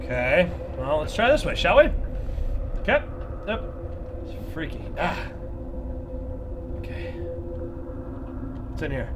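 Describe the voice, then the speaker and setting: A man's voice: on the high side, sing-song, takes it slowly, pauses often. Guy yelping n joking thru a scary game, voice swoops all over, faint hiss behind. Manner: jumpy, swearing, nervous joking asides. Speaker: gaming channel host. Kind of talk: horror game commentary.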